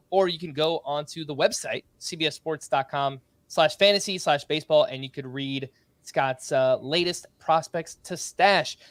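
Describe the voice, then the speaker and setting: A man hosting a casual sports podcast, running briskly through stat updates and laughing often. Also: a little high, fairly bright tone, no echo. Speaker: podcast host.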